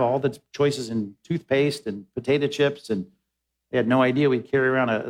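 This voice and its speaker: A man preaching a sermon as pastor, emphatic, repeating words as he presses his points. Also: mid-range voice.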